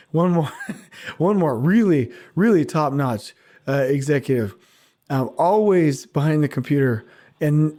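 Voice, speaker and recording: A middle-aged man hosting a podcast alone, talking casually and teasing his listeners with quick asides. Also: on the high side, warm tone. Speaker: podcast host. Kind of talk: casual solo podcast monologue.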